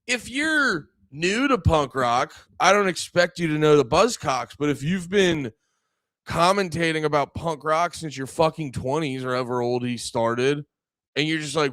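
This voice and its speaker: A man's voice: fairly high pitch, animated, normal speed, fairly bright tone, no echo. Rambling foul-mouthed male podcast host. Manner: rambling, swears a lot, many fillers. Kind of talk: casual profane podcast rant.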